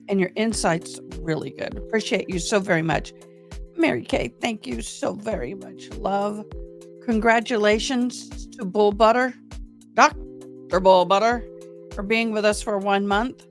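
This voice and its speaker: A woman with a Tennessee country accent hosts a live stream, talking slowly and casually to her audience. She chats and thanks viewers by name. Soft music plays faintly in the background. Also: mid-range voice. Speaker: livestream host commenting on a trial.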